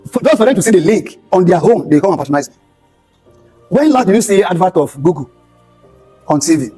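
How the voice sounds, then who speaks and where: This emphatic motivational talk comes from a Nigerian pastor speaking in a skills bootcamp event hall, with sermon-like storytelling and key phrases repeated for weight. He sounds high, expressive and brisk, warm with a breathy edge. There's faint music behind him and the recording is rough.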